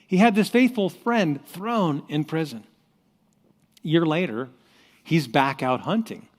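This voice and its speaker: A man hosting a motivational talk, telling a story in an animated way and acting out its voices. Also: fairly high pitch, a little slow, long reverb tail. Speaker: host.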